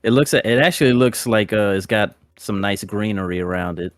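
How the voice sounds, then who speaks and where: A man's voice: on the low side, moderate pace, no room sound, studio quality. A man playing a tabletop game, talking hesitantly with many fillers. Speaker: player.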